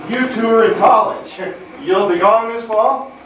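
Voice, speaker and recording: A man's voice: high voice, moderate pace, noisy background, lightly acted. A man playing a bewildered, uneasy fiancé who keeps asking questions, in an amateur stage play. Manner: puzzled, asks lots of questions. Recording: distant muffled echoey stage recording.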